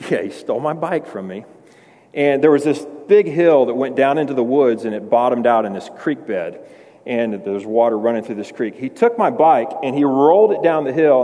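A man's voice: medium pitch, darkish tone. A man in his forties, a pastor, preaching a sermon in a conversational way that builds to emphatic peaks. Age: 40s. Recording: long hall reverb.

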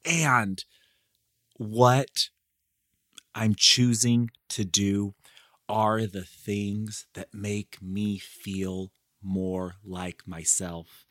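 A man's voice: on the low side, fairly even intonation, extremely slow, fairly bright tone, no room sound, clean studio sound. A man hosting a casual solo podcast from a living room armchair, talking candidly and reflectively with playful slang. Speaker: podcast host. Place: living room, in a comfy chair.

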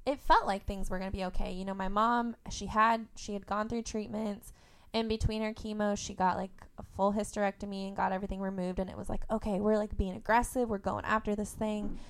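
A young woman from Indiana speaks openly as a podcast guest, her voice at an ordinary middle pitch. She talks in a candid, emotional way and keeps laughing through painful memories. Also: a bit bright, clean tone. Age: young adult. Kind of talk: candid conversational storytelling.

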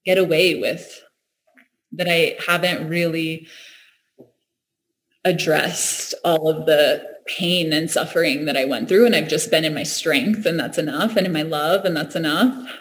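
A woman's voice: low-pitched, measured pace, slight background noise. A woman talking in a reflective, earnest way, often laughing and restarting her sentences. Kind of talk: reflective casual conversation.

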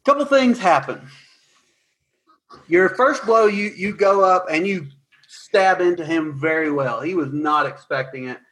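A man narrating as dungeon master, recapping and describing scenes in a lively way with some fillers. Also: sits high. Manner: animated, quick recaps with fillers. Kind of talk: tabletop game narration.

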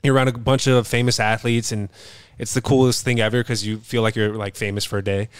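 Young man co-host, mid-pitched, laid-back swearing storyteller, dry recording. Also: flat delivery, fairly quick, clear, resonant tone, no room sound. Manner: laid-back, profane anecdote telling. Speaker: podcast co-host, son. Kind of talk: casual chat.

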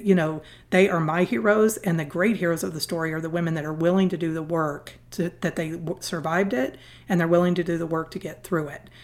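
Middle-aged female guest, earnest and animated storyteller, slightly low register. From Southern California. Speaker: guest, nonprofit founder. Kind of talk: conversational storytelling interview.

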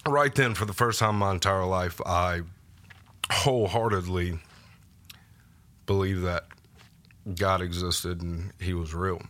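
Low-voiced man telling his faith story. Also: fairly even intonation, a little slow, pauses often, a bit bright. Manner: informal storytelling with many fillers and restarts. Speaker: guest. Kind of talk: personal testimony in a podcast interview. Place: podcast studio.

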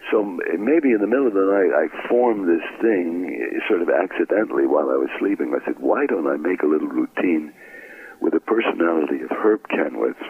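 Telling anecdotes in an interview, this older Brooklyn actor slips into the voices of the people he quotes. He has a deep, expressive, slightly rough voice and talks fairly quickly, heard over a tinny line that sounds like a phone.

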